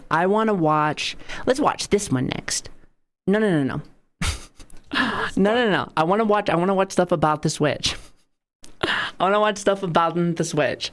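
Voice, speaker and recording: Playful low-voiced woman streamer. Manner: playful, joking, swearing, chatty with viewers. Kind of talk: casual livestream chat.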